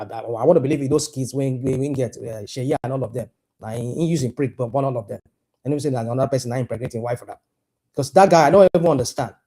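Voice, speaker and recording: A man's voice: mid-range voice, mellow, breathy edge. A man with a Nigerian accent giving heated, impassioned political commentary on a video call, repeating himself and firing questions at the host. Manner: impassioned, repetitive, asks pointed questions.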